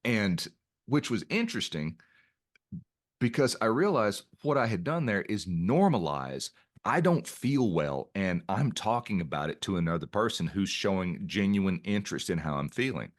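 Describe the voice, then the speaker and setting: A man's voice: sits low, very animated, moderate pace. A middle-aged man as a podcast guest, telling a personal story in an earnest way and often restarting his phrases. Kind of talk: reflective interview storytelling.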